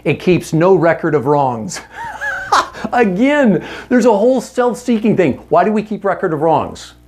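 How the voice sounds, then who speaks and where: A man's voice: high-pitched, very animated, moderate pace, darkish tone, faint music behind. Earnest man teaching a marriage seminar. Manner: earnest, direct, uses rhetorical questions; candid and conversational with self-corrections.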